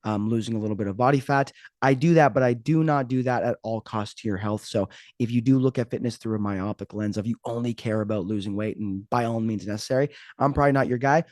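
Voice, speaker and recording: A man's voice: medium pitch, fast, darkish tone, dry recording, clean studio sound. A man hosting a podcast, talking casually in a joking, rambling, self-mocking way. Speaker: podcast host. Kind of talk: casual podcast intro monologue.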